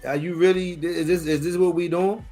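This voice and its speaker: A man's voice: high-pitched, fairly even intonation, normal speed, warm tone, faint music behind. A man in his forties hosting a podcast, talking casually with a profane, exasperated manner. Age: 40s. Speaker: podcast host.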